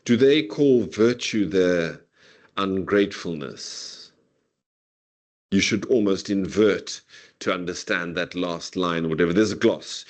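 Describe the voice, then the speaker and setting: A man giving a university lecture on poetry over a video call, talking casually and peppering his points with "okay" and "whatever". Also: sits low. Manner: reads verse aloud slowly and deliberately. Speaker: literature lecturer. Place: online meeting.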